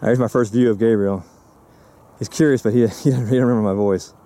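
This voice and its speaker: A man's voice: fairly low pitch, fairly even intonation, a little fast, mellow, dry recording. A man talking outdoors at an animal enclosure, coaxing and praising a cheetah in baby-talk while narrating aloud. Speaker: volunteer visiting a cheetah. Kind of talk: unscripted talk to an animal on camera.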